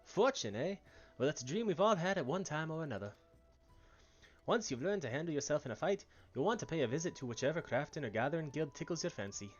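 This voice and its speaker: A man's voice: a little high, expressive, quick pace, highs cut off, soft background music. A man voicing a chatty, folksy male merchant aboard a ship, reading game dialogue with a wobbly attempt at an Irish accent. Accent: attempted Irish, drifting. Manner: folksy, slangy, wavering accent.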